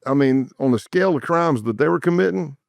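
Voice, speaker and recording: Telling stories as a guest in a casual interview, a middle-aged man from South Carolina, once an undercover agent, acts out the people he quotes with lots of animation. His creaky voice runs on the high side and a little fast, with no echo and studio-quality sound.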